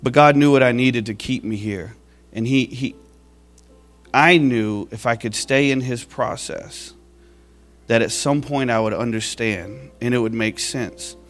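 A man stands before his church and gives a heartfelt testimony of gratitude. His voice sits at an ordinary middle pitch, now tearful, now breaking into a laugh at his younger self. Soft music plays faintly behind him. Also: measured pace. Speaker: church member giving testimony.

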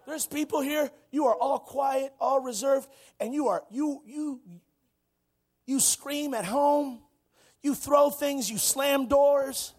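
A man preaching a Pentecostal sermon, shouting and folksy, dropping to quiet asides between loud calls. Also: very high-pitched, slow pace. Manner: shouting, preaching with rising intensity. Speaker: pastor.

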